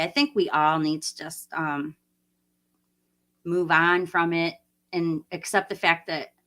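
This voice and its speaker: A woman's voice: fairly low pitch, fairly bright tone. A woman in her late forties chatting casually on a livestream, rambling and laughing often as she answers viewer comments. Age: 40s. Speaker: livestream host.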